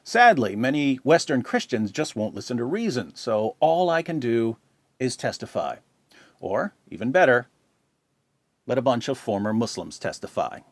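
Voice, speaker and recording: Lively, sarcastic male commentator. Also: medium pitch, normal speed, no room sound. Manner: sarcastic, combative. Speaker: channel host. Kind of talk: commentary reading viewer comments.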